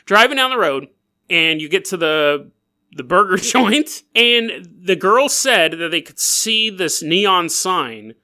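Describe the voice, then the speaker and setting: Animated, giggly male storyteller. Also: high voice, slow pace. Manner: giggly and playful, laughing through lines; riffs and goes off on tangents. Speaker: podcast host. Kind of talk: comedic storytelling narration.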